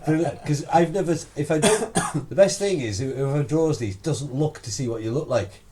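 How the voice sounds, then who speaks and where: A man hosting a podcast, reacting with quick remarks and swearing, and drifting into his own tangents. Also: a little high, darkish tone. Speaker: podcast host. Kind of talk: casual podcast chat.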